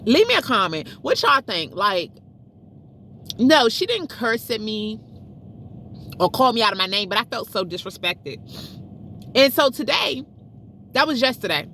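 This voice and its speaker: A woman's voice: on the high side, big pitch swings, a little slow, pauses often, bright, forceful tone, slight background noise. A middle-aged woman telling a frustrating story to her viewers in a chatty, exasperated way, talking straight to them as y'all. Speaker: vlogger. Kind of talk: casual storytelling vlog.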